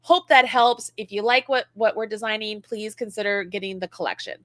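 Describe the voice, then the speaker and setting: A middle-aged woman from the United States co-hosting a casual live-stream chat, talking in an animated way and acting out critics in a high voice. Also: brisk, no echo. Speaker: co-host, knitting and crochet designer.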